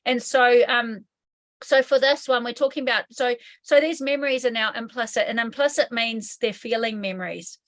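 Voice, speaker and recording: NZ woman, hypnotherapy trainer as interview guest; fairly high, candid, swears casually. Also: steady tone, moderate pace. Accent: New Zealand. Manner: candid, swears casually, acts out inner voices. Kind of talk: explanatory interview talk.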